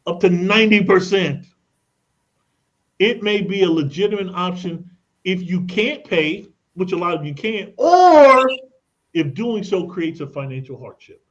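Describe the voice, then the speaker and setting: A man's voice: high-pitched, highs cut off. A man appearing as a guest expert on a radio talk show, explaining in an emphatic, persuasive way with casual slang. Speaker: credit and tax expert guest. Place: radio studio.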